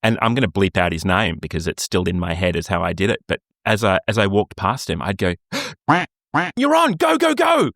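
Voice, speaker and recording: An Australian man co-hosting a podcast in casual chat, an animated storyteller who laughs often. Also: no echo, clean studio sound. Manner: animated storyteller, laughs often, jumps to high voices for quotes. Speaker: podcast co-host.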